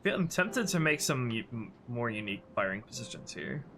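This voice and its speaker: A man's voice: mid-range voice, a little fast, noisy background. A man with a stuffy, congested voice, casually thinking aloud as he edits a game level. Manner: thinking aloud, relaxed and offhand. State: congested sinuses. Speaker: game modder and streamer. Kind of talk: casual commentary while modding a game. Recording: music playing underneath.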